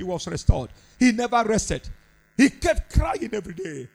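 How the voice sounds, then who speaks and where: Fervent high-voiced preacher. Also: male voice, big pitch swings, moderate pace, vocal fry, a little mellow, low-quality recording. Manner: fervent, repetitive, sing-song preaching cadence. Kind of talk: sermon.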